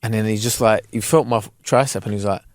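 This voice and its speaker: A man, co-hosting a podcast and telling a story in a casual, animated way full of slang. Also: fairly low pitch, fast, no echo, studio quality. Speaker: podcast co-host. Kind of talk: casual chat.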